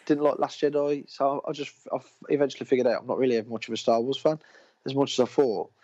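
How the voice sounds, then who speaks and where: A man's voice: mid-range voice, steady tone, quick pace, mellow. A man co-hosting a casual film podcast, talking in an enthusiastic, rambling way and often cutting himself off. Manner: rambling, enthusiastic, self-interrupting. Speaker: podcast co-host. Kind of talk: casual chat. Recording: dull lo-fi recording.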